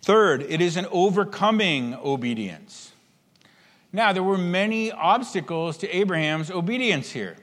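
A man's voice: high-pitched, animated, measured pace. Emphatic preacher man in a reverberant hall. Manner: emphatic, acts out imagined inner speech, swings between hushed and raised. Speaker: pastor. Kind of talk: sermon.

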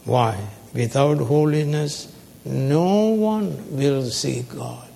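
Slow gravelly preacher in a hall. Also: male voice, mid-range voice, mellow, slight background noise. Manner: call-and-response, prompting the audience with "what, sir?"; slow, emphatic, stretches key words. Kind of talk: sermon. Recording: long hall reverb.

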